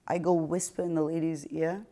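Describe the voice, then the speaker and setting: A woman with a Staten Island accent hosting a podcast, telling a story in a brash, profane, animated way. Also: deep voice, normal speed. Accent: Staten Island New York. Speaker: podcast host. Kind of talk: casual storytelling chat.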